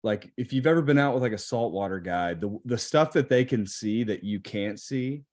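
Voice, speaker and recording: A man's voice: on the low side, normal speed, darkish tone. A man guest on a podcast, talking casually in a rambling, hesitant way with many fillers.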